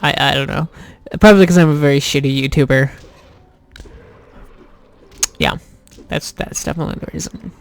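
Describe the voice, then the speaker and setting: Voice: mid-range voice, normal speed, creaky, long pauses, dry recording. A rambling YouTuber chats through a let's play, trailing off and restarting, cracking self-deprecating jokes and swearing casually. The voice sits in a middle range on a dry, close desk mic. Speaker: YouTuber playing a game.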